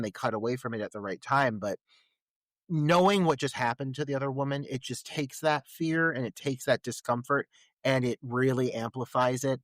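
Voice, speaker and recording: A man's voice: medium pitch, no echo. A man co-hosting a podcast, talking through a film scene in a casual, enthusiastic, analytical way on a close podcast mic. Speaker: podcast co-host.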